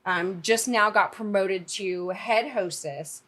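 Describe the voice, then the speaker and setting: A woman's voice: medium pitch, slow pace, fairly bright tone. A woman hosting a podcast, telling rambling stories in casual chat. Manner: chatty storyteller, drawling, rambling with filler words. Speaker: podcast host.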